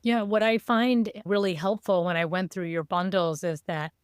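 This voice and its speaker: A woman's voice: on the low side, steady tone, normal speed, clear, resonant tone, dry recording, clean studio sound. A middle-aged woman hosting a podcast, asking questions curiously with small restarts. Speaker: podcast host. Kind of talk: casual interview chat.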